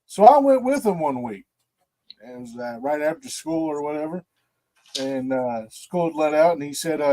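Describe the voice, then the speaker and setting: A man telling a story in casual podcast chat, acting out the quotes with lively energy. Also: fairly high pitch, fairly quick. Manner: animated storyteller, acts out quotes. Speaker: podcast co-host.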